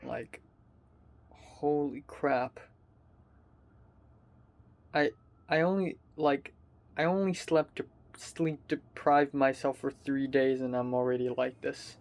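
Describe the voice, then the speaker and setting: A sleepy, tired young man, a college student, rambling in a halting casual video diary with frequent fillers and swearing, filmed by himself in his bedroom. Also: mid-range voice, steady tone. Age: young adult. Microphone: self-filmed camera.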